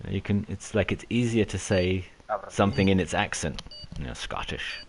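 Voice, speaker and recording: A man's voice: low voice, normal speed, low-quality recording. A man in casual chat while gaming, rambling with enthusiasm about accents over a headset mic. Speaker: racing game player.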